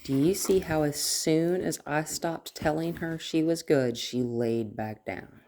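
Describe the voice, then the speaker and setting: Low, mellow-voiced woman dog trainer. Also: unhurried, a little hiss or hum. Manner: explanatory, checks in with "right?"; drops to a soft whisper to calm the dog. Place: indoors in a house.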